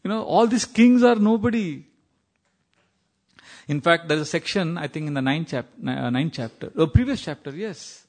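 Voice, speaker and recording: A man's voice: fairly high pitch, expressive, moderate pace. A man from India with an Indian accent, teaching a scripture class, telling stories, quoting Sanskrit verses and laughing at times. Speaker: spiritual teacher.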